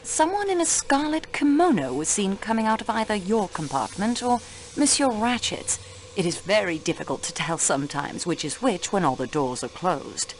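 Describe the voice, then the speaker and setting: A courteous, composed French investigator for a mystery game. She speaks in a formal, measured French accent, her pitch moving a lot as she asks her questions. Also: big pitch swings, slight background noise. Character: calm, polite French female investigator. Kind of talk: video game voice acting.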